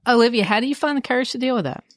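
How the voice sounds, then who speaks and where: A woman's voice: a little high, racing, no echo, studio quality. A woman co-hosting a podcast, asking long, rambling questions in a casual, conversational way. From Tennessee. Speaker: podcast co-host. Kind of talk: casual interview chat.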